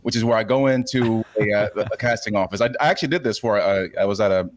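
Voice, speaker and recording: A man's voice: on the low side, fast. A man, a former actor, guesting on a casual panel chat and ranting as he tells a story.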